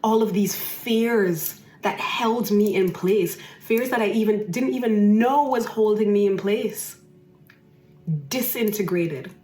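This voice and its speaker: A woman's voice: mid-range voice, slow pace, dark tone, echoey room, soft background music. A woman hosting a podcast, telling a personal story emphatically and repeating phrases for effect. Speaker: podcast host.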